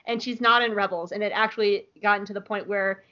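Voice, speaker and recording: Woman from the South, podcast co-host, animated, swears a lot, lo-fi sound. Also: medium pitch, fast talker. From American South. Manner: animated, swears freely, laughs often. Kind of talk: casual chat. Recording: lo-fi audio.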